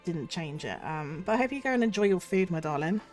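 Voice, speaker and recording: A woman streamer with a cold chats casually and effusively to her viewers. Her voice is husky from the cold. Faint music plays in the background. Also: on the low side, lively intonation, fast. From United Kingdom. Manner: chatty and effusive, thanks viewers warmly. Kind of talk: casual livestream chat.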